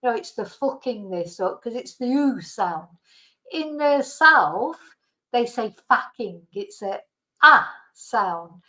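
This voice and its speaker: A middle-aged Mancunian woman hosting a livestream chats casually and laughs a lot, her fairly high voice expressive, pushed and bright. She speaks at a slow pace, and the recording is low quality.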